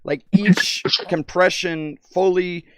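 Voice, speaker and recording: A man's voice: high-pitched, steady tone, crowd noise. A man streaming and chatting casually, telling rambling stories and often stopping to hunt for words. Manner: meandering, halting, searches for words.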